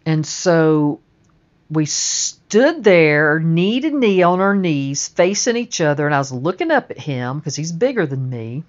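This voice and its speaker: A woman's voice: low-pitched, big pitch swings, measured pace, highs cut off. A woman telling a first-person story in a blunt, emphatic way, with plenty of swearing.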